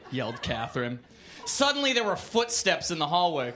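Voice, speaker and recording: A man's voice: fairly high pitch, very animated, normal speed, sharp tone. A man reading a crude comic story aloud on a comedy club stage, with mock-literary narration. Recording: noisy live club recording.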